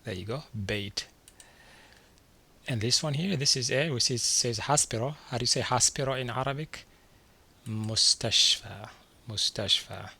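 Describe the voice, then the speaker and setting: A man teaching a beginner vocabulary lesson from slides, saying each word twice and slowly before asking what it means. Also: mid-range voice, creaky, pushed and bright, slightly rough. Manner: repeats each word slowly, then quizzes the listener. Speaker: language teacher.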